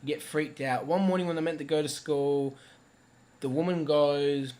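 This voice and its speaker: A man's voice: a little high, steady tone, moderate pace, a little mellow. A man giving a casual, rambling movie review. He swears a lot and keeps breaking off to correct himself. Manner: rambling, profane, self-interrupting.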